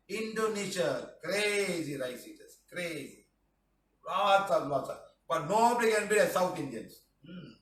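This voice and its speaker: Recorded from a distance in an echoey room, a middle-aged healing teacher with a high, somewhat bright voice runs a live class full of jokes and teasing. He reads out viewer comments and closes phrases with "huh?" and "lah".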